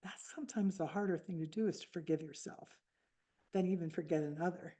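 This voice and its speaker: An older woman in her seventies shares a personal story from a stage in a low, mellow voice. She speaks reflectively and pauses often, circling back to restart her sentences. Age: 70s. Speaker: author speaking at a book fair.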